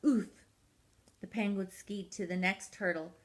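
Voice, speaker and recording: Slow-reading grandmother storyteller. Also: medium pitch. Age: older. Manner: gentle, unhurried reading. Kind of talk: storybook read-aloud.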